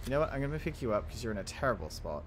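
A young man narrating his own gameplay in chatty, excitable bursts, joking at himself along the way. His pitch jumps around a lot, over faint game gunfire and ambience. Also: rapid-fire, a little hiss or hum. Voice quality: chatty, excitable, self-mocking. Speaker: gaming channel host. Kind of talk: let's play commentary.

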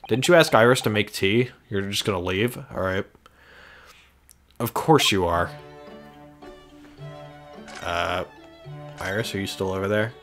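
A man's voice: on the low side, unhurried, pauses often, a bit bright. A young man casually commenting on a video game he is playing, wry and self-deprecating. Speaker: let's player. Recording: faint game music behind.

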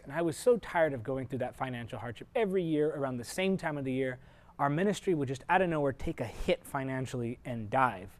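An earnest male preacher with a fairly high voice, teaching a televised sermon. He speaks straight to the viewers, swinging from loud, emphatic points to hushed, personal asides. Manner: earnest, shifts sharply between loud emphasis and quiet asides; direct, personal address to viewers.

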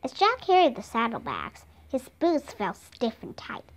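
A woman with Vietnamese as her first language reading a children's audiobook aloud in a slow, clear, expressive way. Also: a little high. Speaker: storybook reader.

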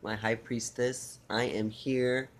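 A man reading channeled love messages in a soft, tender way, with repeated phrases and pauses. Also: medium pitch, flat delivery. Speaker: spiritual reader.

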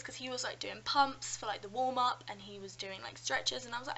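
A woman's voice: a little high, brisk, hardly any pauses, a little hiss or hum, low-quality recording. A nineteen-year-old woman from London with a British accent, chatting casually in a vlog and telling stories with lots of "like" and "um". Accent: British English. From London, England. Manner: chatty, animated storytelling with frequent "like" and "um". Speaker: vlogger. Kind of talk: casual chat.

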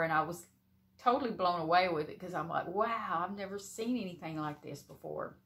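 A middle-aged woman, gushing with emotion as she talks casually to camera about a gift, laughing often. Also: fairly low pitch. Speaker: crochet vlogger.

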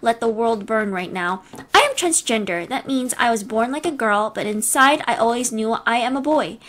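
A woman's voice: on the high side, animated, moderate pace, a bit bright. A woman voicing a young man who speaks bluntly, out of patience. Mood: exasperated. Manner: blunt, exasperated.

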